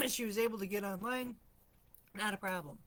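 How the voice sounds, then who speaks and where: A woman hosting a casual live chat, telling stories in a chatty way, clearing her throat often, her morning voice slightly rusty. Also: medium pitch, moderate pace, fairly bright tone. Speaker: host of a live stream for empaths.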